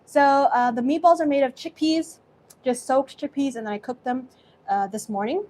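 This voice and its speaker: A woman's voice: high-pitched, normal speed, a little mellow, slight background noise. A young woman with an American accent hosting a live cooking stream from her kitchen, chatty and effusive as she thanks viewers by name. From Singapore. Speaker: host.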